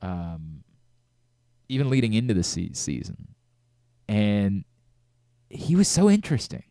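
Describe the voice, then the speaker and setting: A middle-aged man hosting a sports radio talk show, talking in an animated way with frequent restarts and self-corrections. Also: lowish voice, unhurried, clean tone, dry recording, studio quality.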